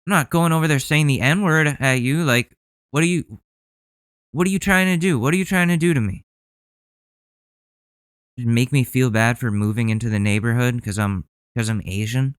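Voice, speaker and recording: A man's voice: mid-range voice, moderate pace, smooth, dry recording. A male podcast host ranting heatedly in profane commentary.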